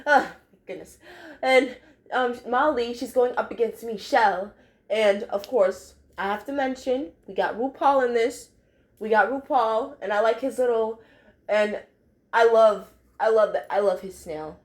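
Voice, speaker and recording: A woman's voice: on the high side, measured pace. A young woman chatting casually in a review vlog, full of fillers and phrases she repeats. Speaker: cartoon episode reviewer.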